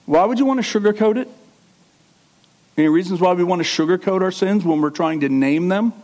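Speaking a little fast, a middle-aged pastor gives a conversational sermon. His delivery moves between quiet asides and loud, emphatic bursts of preaching.

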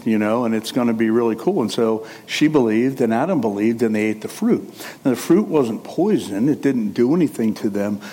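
A male pastor preaching a sermon in an animated, conversational way, with asides and self-corrections. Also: medium pitch, husky.

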